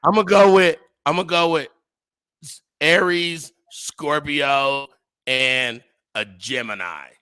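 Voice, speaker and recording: A man's voice: a little high, slow pace, pushed and bright, clear, resonant tone. A man co-hosting a podcast, joking and teasing his friends in casual banter. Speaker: podcast co-host. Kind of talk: casual chat.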